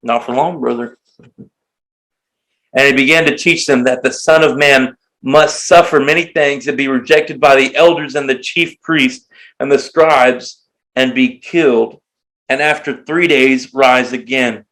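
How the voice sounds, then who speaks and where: A man in a relaxed chat, reading scripture and explaining it in slangy everyday words. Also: medium pitch, unhurried, poor audio. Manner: laid-back, slangy, talks it through. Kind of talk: casual Bible reading and chat.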